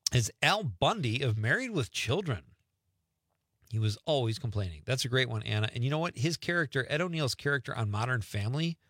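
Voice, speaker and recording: A man's voice: no room sound, clean studio sound. A middle-aged man hosting a casual call-in radio show, reading listener texts with playful asides and chuckles. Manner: animated, chuckling, swings between playful asides and low murmurs. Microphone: studio radio mic.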